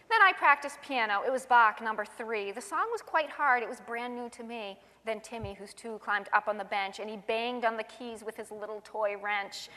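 A woman reading her own rhyming children's poem aloud in a sing-song, expressive way. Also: a little high, normal speed, hardly any pauses, in a large hall.

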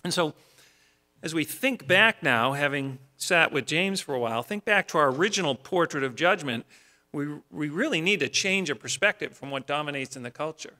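A man's voice: fairly high pitch, expressive, moderate pace, bright, forceful tone. A male pastor preaching a sermon in a homely, storytelling way, often repeating words as he starts a phrase.

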